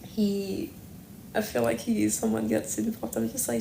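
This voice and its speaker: A woman's voice: mid-range voice, very animated, moderate pace, gravelly, warm tone. Rambling woman livestreaming in an echoey room. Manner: rambling, self-correcting, thinking aloud. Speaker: livestream host. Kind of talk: casual livestream chat. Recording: echoey room with faint background noise.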